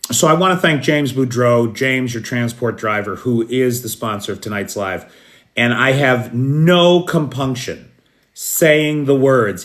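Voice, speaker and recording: An American man hosting a casual live news stream at night, greeting viewers by name in an unhurried way. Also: mid-range voice, lively intonation, fairly bright tone. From United States. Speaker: news host. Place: apartment in a city at night.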